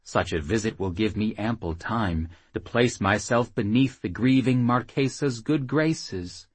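A man voicing a haughty, cruel male captain in an audiobook, gloating and contemptuous, with a husky voice. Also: lowish voice, no echo, voice pushed up. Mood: scheming. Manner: gloating, contemptuous, drawn-out sneers.

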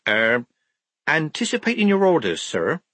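A man's voice: on the high side, wildly swooping pitch, unhurried, bright, forceful tone, no echo, voice pushed up, exaggerated voice. A man doing a dry, level-headed young woman. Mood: wry. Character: shrewd, determined young woman soldier.

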